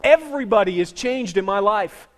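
A middle-aged man preaching a sermon as a pastor, telling stories with dramatic swings from loud to hushed. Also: sits high, lively intonation, normal speed.

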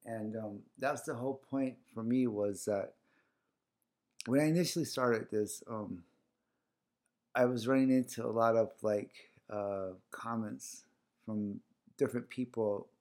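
A guest who organizes a community series tells a personal story casually, rambling with lots of fillers and acting out what people said. His voice is medium-pitched, a little mellow, and steady in tone, and he speaks unhurriedly.

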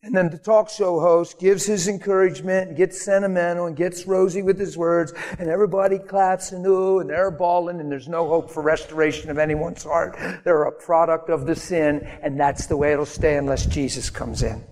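A man preaching a sermon in a church, earnest and conversational, now and then jumping into high mock voices. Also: fairly even intonation, normal speed, hardly any pauses, darkish tone. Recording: long reverb of a church hall.

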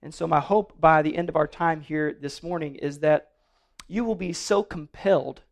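A pastor with a notably high voice preaches to his congregation. He talks earnestly but loosely, trips over and repeats words as he goes, and slips in playful humor. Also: fairly bright tone. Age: adult, married. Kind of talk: sermon.

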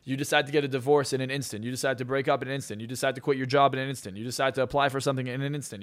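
Fast-talking boastful male hypnotist. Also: medium pitch, fairly even intonation. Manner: boastful, self-assured storytelling. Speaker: hypnotist and success coach, guest. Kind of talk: casual podcast interview.

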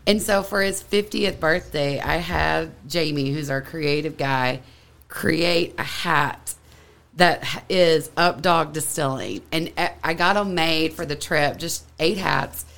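Female guest, lively and teasing, lowish voice, casual podcast banter. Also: slow pace, vocal fry. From Kentucky, USA. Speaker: distillery co-founder, guest.

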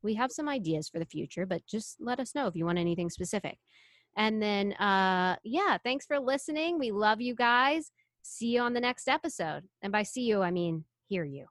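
A woman's voice: mid-range voice, expressive, moderate pace, dry recording, studio quality. A young adult woman hosting a casual chat podcast, teasing and exclaiming a lot. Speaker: podcast host.

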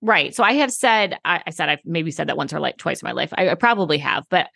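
A woman co-host in a casual chat, emphatic and quick to agree. Her voice sits low with a strong vocal fry, and the dry recording has no room echo. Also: animated, pushed and bright. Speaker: podcast co-host, hairstylist.

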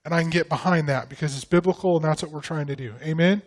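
A pastor from the northern United States preaches in a relaxed, talky way, stopping to ask his listeners questions. His voice sits high for a man. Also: quick pace. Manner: conversational, asks the congregation questions. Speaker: guest pastor. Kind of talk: sermon.

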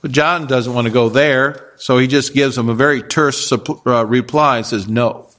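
A pastor preaching a sermon, explaining scripture with rhetorical questions and occasional fillers. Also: male voice, medium pitch, fairly even intonation, moderate pace, fairly bright tone. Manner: expository preaching with rhetorical questions and acted quotes; frequent fillers and restarts.

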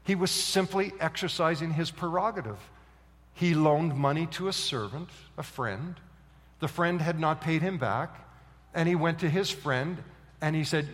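A male pastor preaching with dramatic storytelling, his somewhat high voice rising to excited peaks and dropping to hushed intensity. The sound carries the long reverb of a large church hall. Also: measured pace. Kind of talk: sermon.

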